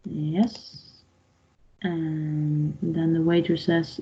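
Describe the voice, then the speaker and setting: A woman teaching an online language class, unhurried and patient, with a gravelly, husky voice. She quizzes the class and explains each answer. The sound is dull and lo-fi. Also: lowish voice. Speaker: Dutch teacher.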